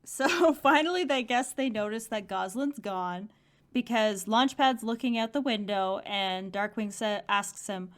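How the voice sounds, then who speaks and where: A woman's voice: medium pitch, animated, measured pace. A woman co-hosting a podcast, animatedly recapping a comic in casual chat and laughing often. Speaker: podcast co-host.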